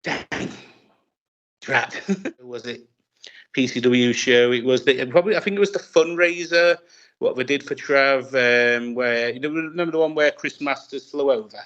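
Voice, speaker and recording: A man's voice: mid-range voice, moderate pace, fairly bright tone, highs cut off. A man, a wrestler telling stories as an interview guest, rambling with many restarts and laughing often. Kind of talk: casual anecdotal storytelling.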